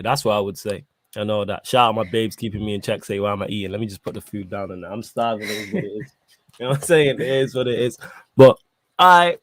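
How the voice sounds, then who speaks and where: A man hosting a casual football podcast, talking in animated slang while eating. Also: mid-range voice, no room sound. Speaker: podcast host.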